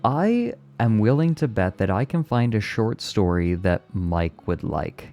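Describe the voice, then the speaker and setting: Low, dark-voiced man chatting gently. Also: big pitch swings, a little slow, soft background music. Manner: gentle, soft-spoken; chatty, enthusiastic. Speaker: streamer. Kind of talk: casual live-stream chat, answering chat.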